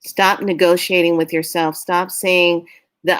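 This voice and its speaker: A woman's voice: lowish voice, fairly even intonation, a little slow, a bit bright. A woman giving a casual spiritual talk, earnest and urging, who often laughs while telling stories. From California. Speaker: spiritual vlogger.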